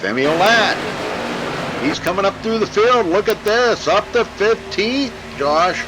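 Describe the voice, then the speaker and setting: A man's voice: high-pitched, expressive, measured pace, noisy background. A man calling a sim race as play-by-play commentator, folksy and chatty. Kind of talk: sim racing broadcast commentary.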